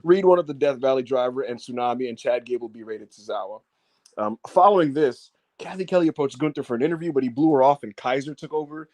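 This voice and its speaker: A man co-hosting a casual wrestling review show, animated and profane, laughing often and acting out what people said. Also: medium pitch, fast talker, dry recording. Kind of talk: casual show recap chat.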